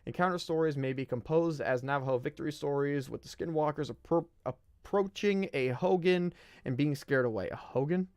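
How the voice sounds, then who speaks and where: A man's voice: fairly high pitch, a little fast, darkish tone, clean tone, no echo, clean studio sound. A young man from the United States hosting a casual live-stream podcast, reading aloud, stumbling over words and joking in side remarks. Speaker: podcast host.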